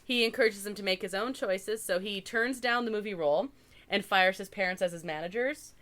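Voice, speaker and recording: A woman's voice: mid-range voice, fairly quick, fairly bright tone. A woman from Canada co-hosting a podcast, chatting casually as she recaps a movie, with lots of "like" and wry asides. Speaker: podcast co-host.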